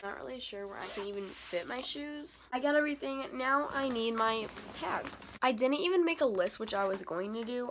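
A woman's voice: mid-range voice, a bit bright, a little hiss or hum. A teenage girl vlogging casually in her morning voice, chatty and self-deprecating, filming on a phone in her bedroom. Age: teen. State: groggy morning voice. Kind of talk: casual vlog. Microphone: phone camera.

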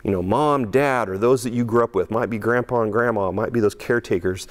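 A middle-aged male pastor preaching a conversational sermon, often restarting and repeating words, and acting out quotes in a raised voice. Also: fairly quick. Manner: acts out quoted speech with raised pitch.

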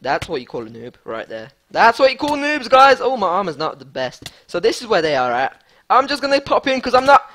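A man giving excitable live gameplay commentary as a gaming YouTuber, hyped and repeating himself. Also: high voice, a little fast, slight background noise.

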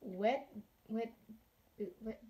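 A young woman in a casual vlog, sounding out words haltingly and sticking to silly guesses. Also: a little high, background noise. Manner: hesitant, stubborn guesser, many ums. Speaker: guest trying German words. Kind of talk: casual chat.

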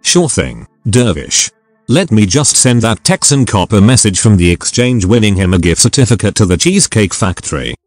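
A man's voice: on the low side, very animated, moderate pace, no room sound, studio quality. A synthetic male text-to-speech voice reading the lines of a drunk, masked male gang leader with a sneering, profane manner. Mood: casual.

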